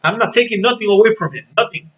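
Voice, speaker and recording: A man hosts his own boxing vlog, talking casually and straight to his viewers. His voice sits a bit high and sounds bright and sharp. He hammers his points home by repeating them and checking in with "okay?". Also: quick pace, poor audio. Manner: emphatic, repeats phrases and asks "okay?". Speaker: boxing channel host.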